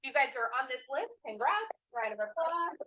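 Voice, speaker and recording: An upbeat woman runs an office team meeting with a bright, forceful voice pitched a little high. She is enthusiastic and encouraging and heaps praise on her colleagues. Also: big pitch swings, moderate pace, reverberant, rough recording. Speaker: host of a real estate team meeting.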